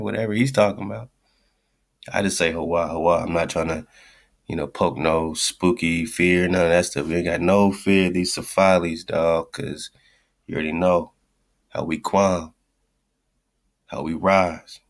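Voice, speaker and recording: A man's voice: sits low, fairly even intonation, normal speed, gravelly, pauses often. A man hosting a radio show, giving blunt, slangy, profane commentary on a clip he is playing and repeating his points.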